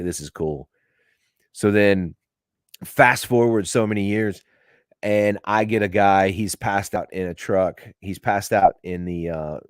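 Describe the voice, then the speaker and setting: A man's voice: sits low, no room sound, clean studio sound. A man telling stories in casual, rambling, profane talk to a live audience, laughing as he goes. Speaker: podcast host.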